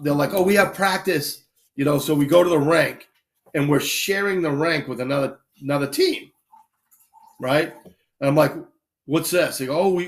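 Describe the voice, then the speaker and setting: A man casually telling animated anecdotes on a live stream, acting out quick voices as he goes. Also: fairly high pitch. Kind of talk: casual storytelling.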